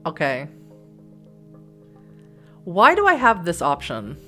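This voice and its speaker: A chatty woman from Massachusetts reads a text game aloud, breaking off for quick asides and frequent laughs. Her voice sits fairly low for a woman. Soft music plays faintly in the background. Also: huge pitch swings. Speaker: let's play host.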